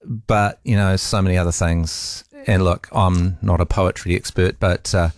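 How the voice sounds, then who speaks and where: A radio host, a man, speaks about a friend in a halting, heartfelt way, with restarts and soft laughs. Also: sits low, fairly even intonation, no echo, clean studio sound.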